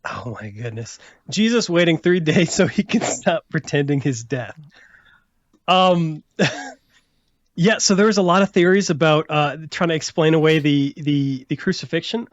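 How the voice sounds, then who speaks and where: A man's voice: on the high side, no room sound, muffled recording. A man hosting a casual podcast chat, rambling with many restarts and fillers and laughing often. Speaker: podcast host.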